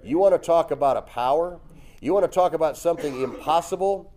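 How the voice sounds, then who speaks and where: A man preaching a sermon, telling the story lively, acting out voices and chuckling often. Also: a little high, fairly quick, a little hiss or hum. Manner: lively storytelling, acts out voices with loud jumps.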